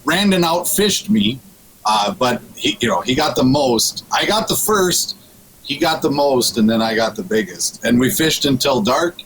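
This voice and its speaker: A man speaks casually as a radio guest, his voice sitting in an ordinary middle pitch. He rambles with many restarts and breaks into laughter, and a faint noise sits under the voice. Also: expressive, measured pace, fairly bright tone, rough recording. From Minnesota.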